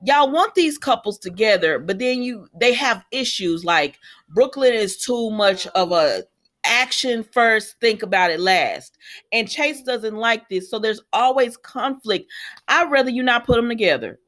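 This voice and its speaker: A woman's voice: a little high, animated, unhurried, a bit bright. Chatty opinionated woman recapping a soap. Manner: chatty, opinionated, lots of fillers. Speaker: soap opera recap host. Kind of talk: casual recap chat.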